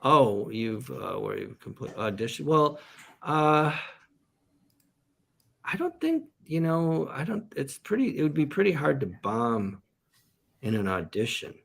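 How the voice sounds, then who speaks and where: A man's voice: medium pitch, big pitch swings, unhurried, creaky, a bit bright. A man, a comedian and actor, chatting as a guest in a casual interview and telling meandering stories.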